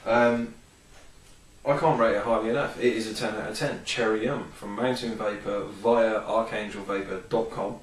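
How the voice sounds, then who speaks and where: Rambling man, low voice, roomy. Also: fairly even intonation, normal speed. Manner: rambling, enthusiastic, many ums. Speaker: product reviewer. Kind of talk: casual vape review vlog. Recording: roomy, distant from the mic.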